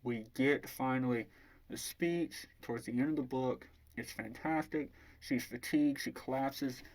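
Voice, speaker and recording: A man's voice: mid-range voice, a little slow. Guy roasting a book, rambly and casual, swears a lot. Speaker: book reviewer. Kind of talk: casual book review, plot retelling.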